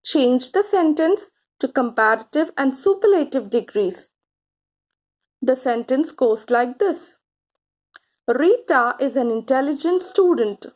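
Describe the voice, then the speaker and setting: A woman teaching grammar to children, speaking slowly and encouragingly, stretching out key words and pausing for answers. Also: high-pitched, expressive, a little mellow, low-quality recording. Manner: slow, encouraging, drawn-out words with pauses for answers.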